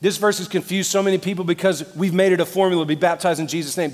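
A man preaching a sermon as pastor, out of breath and impassioned, shifting between loud preaching and quieter asides. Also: high voice, steady tone, fast, few pauses. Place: large church sanctuary. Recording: church hall reverb.

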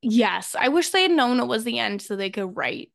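A loud, animated woman recaps a TV episode on a podcast, jumping into the characters' voices as she goes. Her voice sits a little high and carries a gravelly fry. The sound is dry and close, with no room around it. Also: normal speed, no room sound. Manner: animated, acts out characters' lines when retelling. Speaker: podcast co-host. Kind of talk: casual chat recapping a TV episode.

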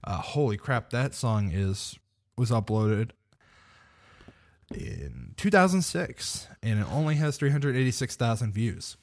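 A man's voice: mid-range voice, very animated, a little slow, gravelly. A man co-hosting a podcast in casual chat, rambling and hesitant, laughing often. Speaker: podcast co-host.

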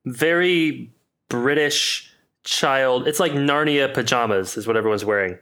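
A man co-hosting a comedy podcast, tossing in dry, wry observations. His voice sits at a plain middle pitch. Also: unhurried, bright, forceful tone, smooth. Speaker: podcast co-host.

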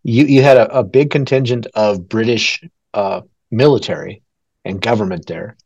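A man's voice: on the low side, moderate pace, darkish tone, slightly rough, dry recording, highs cut off. A man from New Mexico co-hosting a podcast in casual chat. He rambles and hedges, with frequent chuckles. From New Mexico, USA. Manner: rambling and hedging, chuckling often. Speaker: podcast co-host.

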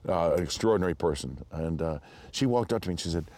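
A man being interviewed, telling animated anecdotes and acting out the voices of people he met. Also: fast. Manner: animated, acts out other people's lines in higher voices; rambling with frequent restarts and laughs. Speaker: interview guest, actor. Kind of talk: anecdotal storytelling.

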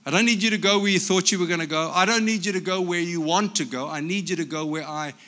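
A man's voice: high-pitched, fast talker, sharp tone. A man voicing God as a firm, insistent commanding presence in a sermon. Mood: urging. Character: God, a firm, urging divine voice.

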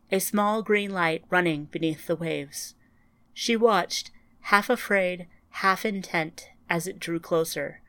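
A woman reads a short story aloud in a measured, even way, as the podcast's narrator. Her voice sits low, and the recording is dry and close with no room sound. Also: dry recording. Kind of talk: scripted narration.

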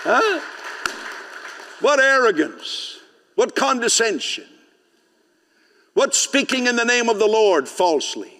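A man's voice: extremely high pitch, sing-song, slow pace, long pauses, sharp tone, in a large hall. A man preaching a sermon as pastor, speaking conversationally, often asking the congregation questions and laughing. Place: church sanctuary.

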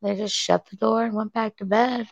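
Woman guest, super gravelly voice, kinda muffled dry recording. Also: medium pitch, fairly even intonation, moderate pace, dry recording. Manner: chatty, uses "like" constantly. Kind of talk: casual chat.

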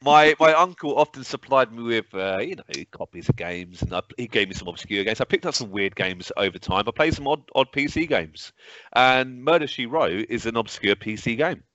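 A man's voice: medium pitch, animated, normal speed, a bit bright, no echo. A male teacher co-hosting a podcast over a video call, chatty and self-mocking. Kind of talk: casual chat. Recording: dull video call audio.

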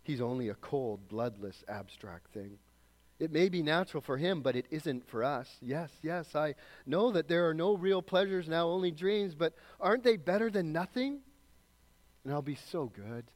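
Man doing a high, frantic pleading lizard. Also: lively intonation, normal speed, natural voice. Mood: wheedling. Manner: high, loud, frantic begging. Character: pleading, wheedling little male red lizard.

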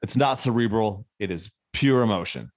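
A man hosting a loose podcast conversation, with a lowish voice recorded dry and close. He swears freely and laughs often. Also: lively intonation, moderate pace, no room sound. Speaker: podcast host. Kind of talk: casual podcast chat. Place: Nashville.

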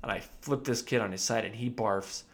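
A dentist telling a funny story from his practice in a casual chat, animated and often laughing. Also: on the low side, brisk. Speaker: podcast co-host.

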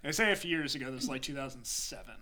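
Bright-voiced podcast co-host telling a story. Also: medium pitch, racing. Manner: dry jokes, relaxed anecdote telling. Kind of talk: casual storytelling chat.

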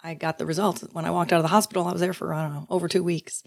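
Lively low-voiced woman telling her story. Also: racing, vocal fry, no room sound, studio quality. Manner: lively storyteller, acts out quoted voices, laughs often. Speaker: guest. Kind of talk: casual storytelling interview.

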